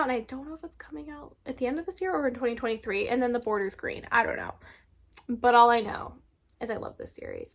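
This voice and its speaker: High-voiced, gushing young woman. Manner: gushing, chatty, full of filler words. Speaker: book reviewer. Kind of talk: casual book recommendation vlog.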